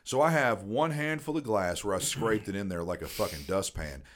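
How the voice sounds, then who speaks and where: Man in his 30s, podcast host, low voice, rambling and profane storyteller. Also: moderate pace, a bit bright. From Tennessee. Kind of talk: casual storytelling.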